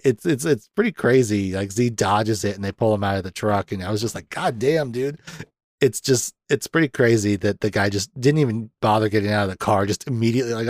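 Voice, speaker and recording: A lowish-voiced man hosting a podcast casually recounts movie scenes with animation, acting out quotes and laughing a lot. The recording is studio quality, with no room sound.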